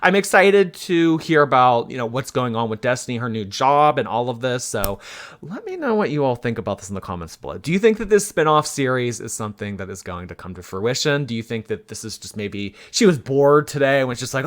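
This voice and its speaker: A man hosting a chatty commentary vlog, his pitch swinging up and down as he talks. He speaks playfully and with animation, stretching out jokey asides. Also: huge pitch swings, a little fast, fairly bright tone. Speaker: YouTube commentary host.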